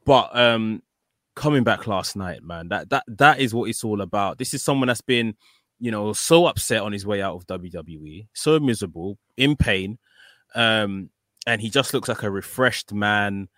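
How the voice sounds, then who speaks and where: Gushing, emotional podcast host. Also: male voice, lowish voice, normal speed, dry recording, clean studio sound. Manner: emotional, gushing, repeats words when excited. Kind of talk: casual podcast chat.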